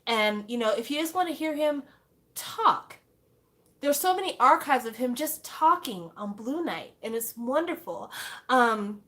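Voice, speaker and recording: A young woman in a casual fan monologue, her voice sitting a little high. She talks in an animated, exclaiming way and keeps firing off rhetorical questions. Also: measured pace. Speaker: fan vlogger.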